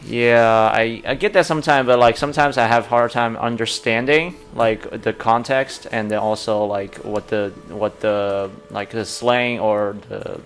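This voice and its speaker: A man's voice: mid-range voice, steady tone, unhurried, few pauses, soft background music. A young man with a Chinese accent co-hosting a casual chat, hesitant and full of fillers. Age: young adult. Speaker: podcast co-host.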